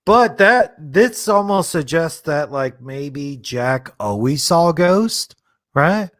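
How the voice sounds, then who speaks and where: A man's voice: fairly high pitch, expressive, slow pace, fairly bright tone, dry recording, clean studio sound. A man casually commenting on a movie as a streamer, laid-back and rambling, thinking aloud with lots of fillers. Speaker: streamer hosting a movie watchalong.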